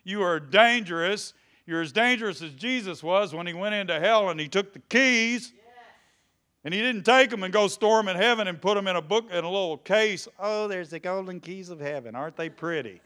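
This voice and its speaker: A man preaching to his church, his voice bright and ringing. His delivery swings from conversational asides to loud, forceful declarations, and he calls on members of the congregation by name. The tone is clean and clear, with a slightly higher pitch than most men. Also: brisk. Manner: preaching, rising to shouts, addressing congregation by name. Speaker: pastor. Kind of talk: sermon.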